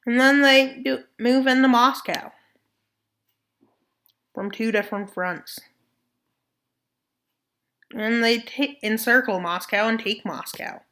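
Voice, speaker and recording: Speaking slowly and pausing often, this woman has a fairly high, fairly bright voice. She narrates a map scenario video in a casual way, tossing in joking asides and playful mock voices.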